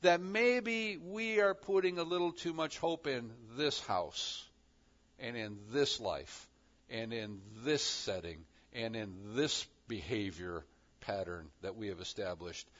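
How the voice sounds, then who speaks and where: Man, preacher, sermon, slow delivery, animated, acts out voices, dull lo-fi recording. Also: medium pitch.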